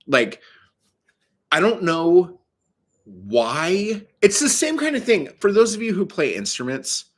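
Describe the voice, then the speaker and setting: A man's voice: high voice, very animated, slow pace, breathy edge. A man vlogging a casual ranting monologue, profane and exasperated, telling his story with animation.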